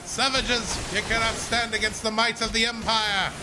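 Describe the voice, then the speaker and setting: A man voicing an arrogant imperial commander in a game who barks loud orders. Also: high voice, flat delivery, moderate pace, noisy background, voice pushed up, natural voice. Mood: commanding.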